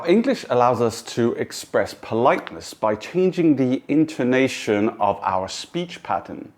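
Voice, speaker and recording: A man narrating a language lesson in a clear, measured, instructive way. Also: medium pitch. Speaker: language teacher. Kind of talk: scripted explanatory narration.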